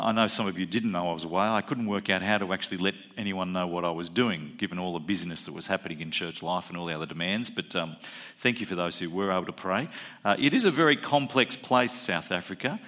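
A pastor addresses his congregation in an easygoing sermon, pausing on fillers and repeating key figures for weight. His voice sits a little low, with a bright, forward edge. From Australia.

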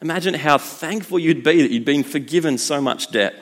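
A man preaching a sermon in a conversational, lively way. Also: fairly high pitch, brisk. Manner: conversational, lively, acts out voices.

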